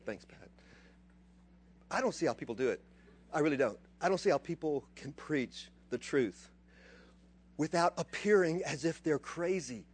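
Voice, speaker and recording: A man preaching a sermon, dropping to quiet asides and then rising into loud, excited bursts. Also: a little high, moderate pace, long pauses, husky. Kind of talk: animated sermon.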